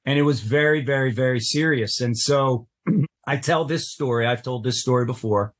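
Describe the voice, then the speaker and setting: A middle-aged man sits as a guest and tells a deeply personal story with earnest intensity. His voice sits at an ordinary pitch for a man. He leans into the telling and acts out the people he quotes. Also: fairly bright tone. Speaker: podcast guest.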